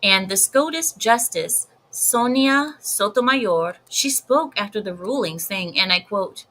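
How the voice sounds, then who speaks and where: A woman's voice: medium pitch, lively intonation, a little slow, sharp tone, rough recording. A woman giving blunt, emphatic commentary in a casual vlog, often repeating herself for effect. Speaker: video commentator.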